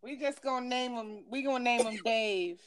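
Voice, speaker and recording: A woman's voice: fairly high pitch, normal speed, clear, resonant tone. A woman co-hosting a podcast in casual chat, coaxing a guest and laughing often. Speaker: podcast co-host.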